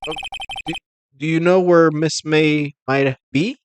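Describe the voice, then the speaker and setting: A man's voice: a little high, fairly even intonation, measured pace, background noise, close to an everyday voice. A man reading lines as a flustered young male lawyer, awkward and self-conscious. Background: video game music.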